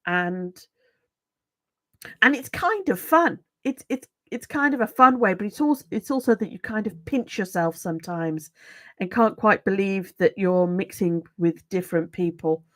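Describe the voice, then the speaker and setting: A woman's voice: medium pitch, normal speed, no room sound. A middle-aged woman from England with a Brummie accent, chatting casually and self-mockingly to viewers on her channel. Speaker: YouTube host. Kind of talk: casual livestream chat.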